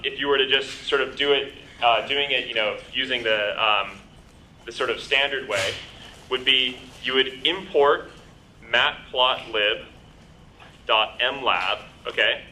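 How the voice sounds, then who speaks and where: A man's voice: mid-range voice, bright, forceful tone. A man teaching a programming class live, working through examples and filling his talk with ums and you-knows. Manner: explains with many ums and you-knows, asks "right?". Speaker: bootcamp instructor. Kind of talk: live lecture with coding demo. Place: lecture hall. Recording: echoey lecture room with faint noise.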